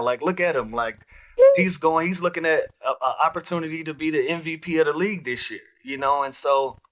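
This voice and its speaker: A man as a guest on a basketball podcast, telling stories in a relaxed, animated way. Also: mid-range voice. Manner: relaxed, animated storyteller, frequent fillers. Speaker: guest, retired basketball player. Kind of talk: casual interview storytelling.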